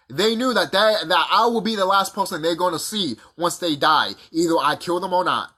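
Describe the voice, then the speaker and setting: A man delivering a profane, combative monologue full of rhetorical questions, with a husky voice. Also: high-pitched, big pitch swings, moderate pace, sharp tone. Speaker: vlogger. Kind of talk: ranting monologue to camera.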